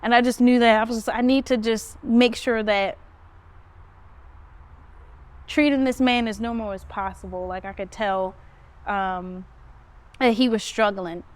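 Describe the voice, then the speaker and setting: A woman hosting a podcast, casually recounting a story and jumping her pitch up high when she quotes herself. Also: a little slow, pauses often, clear, resonant tone. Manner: animated retelling, pitch jumps up when quoting herself. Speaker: podcast host. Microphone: phone.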